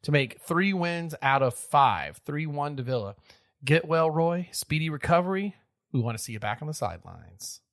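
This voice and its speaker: A man's voice: fairly high pitch, moderate pace, dry recording. Brief: male podcast co-host, joking banter, dry close recording. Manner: laughs easily, animated banter. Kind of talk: casual sports chat.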